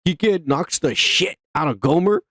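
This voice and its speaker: A man with a somewhat high, gravelly voice, heard through a dry, close podcast mic. He talks in loud, profane bursts, teasing and ranting at his co-host. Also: expressive, unhurried, dry recording. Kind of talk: crude comedic banter.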